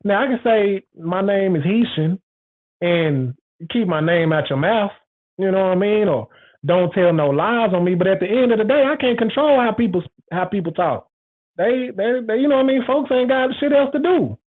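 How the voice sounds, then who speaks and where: A man's voice: high-pitched, lively intonation, fairly quick. A man hosting a show, talking frankly in a rambling, repetitive, emphatic casual monologue. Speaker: show host. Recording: tinny phone-like audio.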